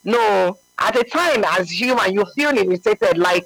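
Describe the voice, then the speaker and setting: A man's voice: high voice, expressive, moderate pace, gravelly, few pauses, fairly bright tone, no echo, rough recording. A man giving a conversational religious talk, earnest and emphatic, often checking that the listener understands. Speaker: religious speaker.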